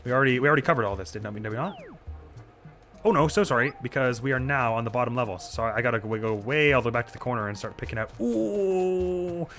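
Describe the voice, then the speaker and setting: Bright-voiced chatty male game streamer. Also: medium pitch, expressive, quick pace, faint music behind. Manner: chatty, giggly, self-deprecating. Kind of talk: casual gameplay commentary.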